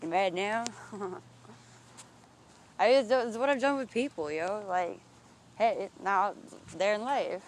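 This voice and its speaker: A vlogger muses out loud while walking outside, swearing freely and circling back on unfinished thoughts. The voice sits at an ordinary, middle pitch, with a faint hiss of open air behind it. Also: takes it slowly, pauses often. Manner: profane, searching, thinks aloud with restarts. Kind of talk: rambling introspective monologue. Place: outdoors, walking.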